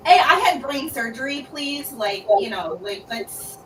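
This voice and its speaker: A woman with a Southern US accent chats on a livestream from home, poking fun at herself. Her voice sits a little high. The mic is across the room, so she sounds distant, with faint noise. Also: animated, a little slow. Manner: self-deprecating, laughs at herself. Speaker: streamer guest. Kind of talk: casual chat on a livestream call.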